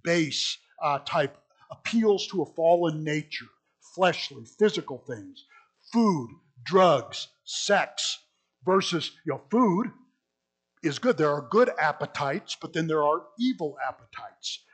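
A man preaching a sermon, stressing key words loudly, dropping to quiet asides, and calling his listeners folks. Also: on the high side, expressive, slow, breathy edge. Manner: emphatic, swinging between loud stresses and quiet asides.

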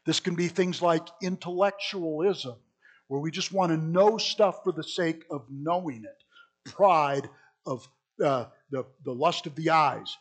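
A man preaching a sermon in a fairly high voice. He leans hard on key words, then drops to soft asides, and speaks to the room as folks. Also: measured pace. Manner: emphatic, swinging between loud stresses and quiet asides; addresses listeners as folks.

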